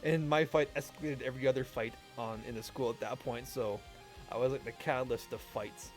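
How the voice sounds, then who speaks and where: A man's voice: mid-range voice, a little fast. A young man streaming live, telling a story casually with lots of swearing and laughter. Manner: animated, profane, laughing often. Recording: faint music underneath. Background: faint music.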